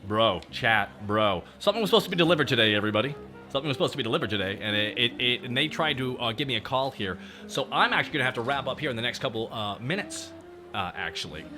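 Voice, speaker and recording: Male VTuber host, bright and animated delivery, fired-up profane rant to his chat. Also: medium pitch, quick pace, faint music behind. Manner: ranting, profane, talks straight to chat. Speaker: VTuber streamer. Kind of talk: casual livestream chat.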